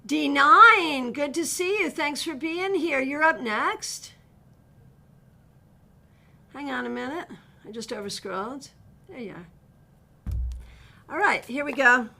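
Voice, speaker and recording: A woman with a high, bright voice reads tarot cards on a live stream. She talks in a chatty, direct way, greets viewers one by one and gives blunt advice. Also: expressive, slow pace, gravelly, pauses often. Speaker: tarot reader. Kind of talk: live-stream card readings.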